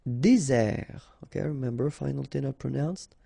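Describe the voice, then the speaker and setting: A native French-speaking man with a French accent, a teacher running a pronunciation drill who slowly and patiently repeats and spells out each word. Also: mid-range voice, gravelly, warm tone, dry recording, clean studio sound. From France.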